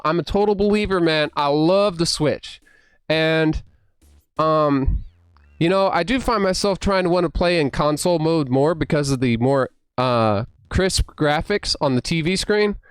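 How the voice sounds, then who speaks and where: Excitable man telling a gaming story. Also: smooth, no echo. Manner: excitable, acts out his own past surprise in loud high bursts; rambling with many fillers and restarts. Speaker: gaming vlogger. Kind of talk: casual storytelling monologue.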